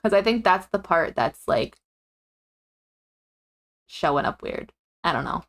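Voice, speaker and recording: A woman chats casually on a live stream, giggling often and rambling with lots of fillers and self-corrections. Her lowish voice is animated and unhurried, with a fairly bright tone.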